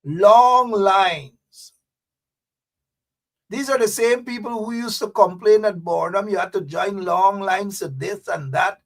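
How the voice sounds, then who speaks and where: A man's voice: sits high, slow pace. A Guyanese man hosting a political commentary show, repeating phrases in a mocking, emphatic way.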